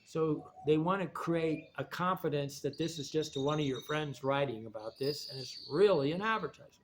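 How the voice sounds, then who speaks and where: A man with a somewhat high voice talks in a loose, wandering monologue. He often drops a sentence halfway and starts it again. A faint hum of ambience sits behind him. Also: moderate pace. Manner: digressive, restarts sentences. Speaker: video essayist. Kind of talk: rambling spoken monologue.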